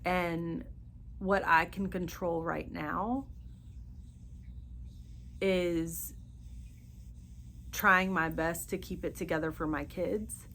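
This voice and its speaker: Low, flat-voiced woman speaking haltingly. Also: slight background noise. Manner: earnest, halting, searching for words; speaks openly of grief and faith. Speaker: podcast host. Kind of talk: personal monologue.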